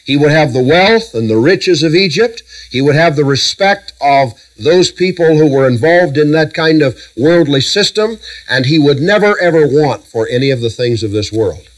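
On a rough recording, a middle-aged man preaches animatedly in a voice that's a little high. He walks the congregation through Bible verses, leaning on emphatic lists and well-timed pauses.

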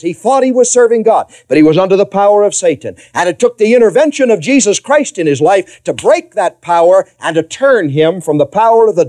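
A man preaching a sermon as pastor, swinging between forceful emphasis and hushed, low phrases. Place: church.

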